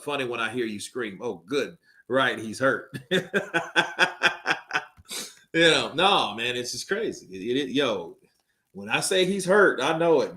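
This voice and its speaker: Hyped man commentating a live stream. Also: medium pitch. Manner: hyped, animated, laughs often. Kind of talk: excited live watch-along commentary.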